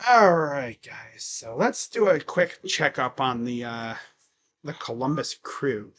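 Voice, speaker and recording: A man doing casual live play-by-play and reaction on a stream, rambling between plays and getting louder and quicker when the action picks up. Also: mid-range voice, expressive. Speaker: livestream sports commentator.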